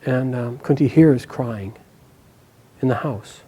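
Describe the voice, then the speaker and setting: A man telling a myth aloud to a live group, animated and chuckling along with the story. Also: medium pitch, slow pace, slight background noise, low-quality recording.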